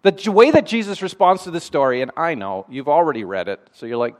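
A man's voice: on the high side, big pitch swings, quick pace, few pauses. A man preaching a sermon in a conversational way, with dry sarcastic asides.

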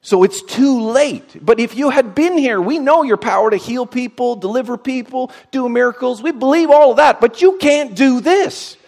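A man preaching who voices a grieving woman pleading with her lord, in a high, strained, emphatic way. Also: moderate pace, hardly any pauses, darkish tone.

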